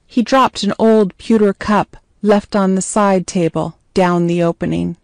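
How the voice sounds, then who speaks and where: A woman narrating a scripted story in a measured, clear way. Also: mid-range voice, steady tone, dry recording, studio quality.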